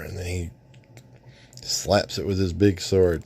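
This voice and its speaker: A man talks through a toy review in a relaxed, rambling way, often restarting his sentences. His voice is lowish, mellow and warm. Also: slow pace, creaky, pauses often, breathy edge, no echo. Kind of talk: casual unboxing review.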